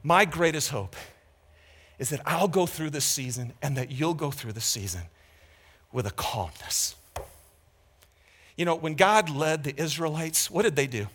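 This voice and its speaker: Male pastor, sermon, lively swooping delivery, bright tone, candid, emphatic, loud-to-hushed swings. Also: on the high side, measured pace, long pauses, husky. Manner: candid, conversational preaching.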